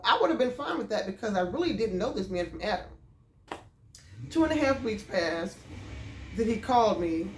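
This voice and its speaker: A woman telling a storytime vlog about a date, animated and exclaiming as she goes. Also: mid-range voice, moderate pace, slight background noise. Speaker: vlogger. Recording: roomy echo.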